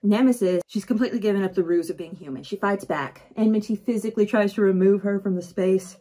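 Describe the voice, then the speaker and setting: A woman chatting casually while she does her makeup, retelling a story in a lively way with quick asides. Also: mid-range voice. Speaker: vlogger. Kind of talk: casual book chat while doing makeup.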